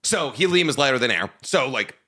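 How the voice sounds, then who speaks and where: Young guy cohosting a podcast, lively swoopy delivery, laughs a lot, swears, rambles. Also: medium pitch, brisk. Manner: animated, laughing, profane, rambling explanations. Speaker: podcast co-host. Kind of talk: casual chat.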